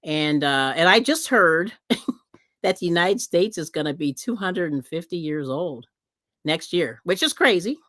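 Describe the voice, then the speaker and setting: A woman's voice: on the low side, animated, a little slow, fairly bright tone, no room sound, studio quality. A woman hosting a livestream, chatting casually with viewers, rambling with many fillers and frequent laughs. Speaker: livestream host.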